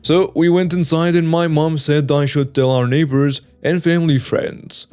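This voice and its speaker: A man reading out a written story in an even, flat narration voice, with little change for the quoted people. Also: fairly high pitch, normal speed, smooth, soft background music. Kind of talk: scripted narration.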